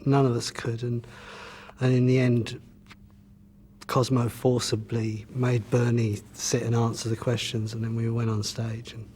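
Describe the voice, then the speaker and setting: A man's voice: medium pitch, level tone, unhurried, a little mellow, a little hiss or hum. A musician answering interview questions and looking back on his band's early days in a loose, rambling way, with frequent "you know" and restarts. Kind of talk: casual reminiscing interview answer.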